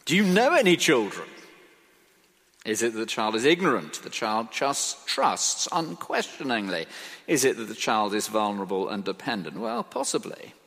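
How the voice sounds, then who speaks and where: A man preaching a sermon, emphatic and expressive, asking rhetorical questions. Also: on the low side, normal speed, husky. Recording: reverberant hall.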